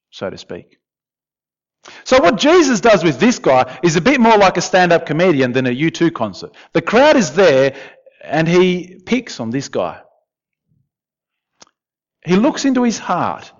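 A man preaching a sermon in a conversational, animated way, with asides to the congregation. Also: on the high side. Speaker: pastor. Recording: dull, lo-fi sound.

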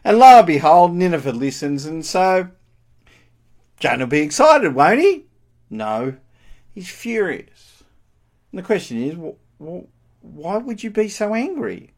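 A man preaching a sermon, animated and emphatic, asking rhetorical questions. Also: high-pitched, unhurried, pauses often.

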